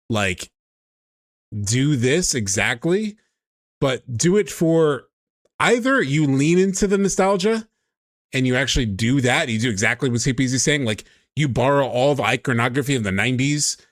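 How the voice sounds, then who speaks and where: A man hosting a stream, chatting excitedly and casually, swearing freely. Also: medium pitch, normal speed, no room sound, studio quality. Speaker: streamer host. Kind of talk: casual chat.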